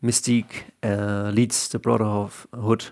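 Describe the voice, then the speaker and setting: A man's voice: lowish voice, little pitch movement, slow, darkish tone. A man who is a comic artist, explaining his comics in loose, rambling casual talk and often repeating words as he restarts.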